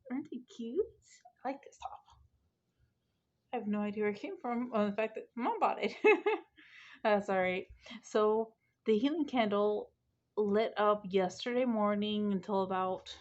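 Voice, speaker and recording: A friendly woman rambles along in a casual vlog chat. Her voice sits at an ordinary middle pitch. The home recording sounds a little dull and muffled. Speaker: vlogger.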